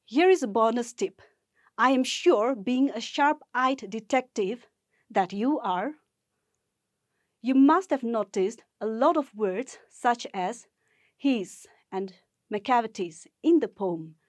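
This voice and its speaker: Slow, encouraging woman teacher. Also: a little high, expressive, dry recording, studio quality. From Nagaland, India. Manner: encouraging, speaks slowly and deliberately to learners. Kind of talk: gamified poetry lesson for school students.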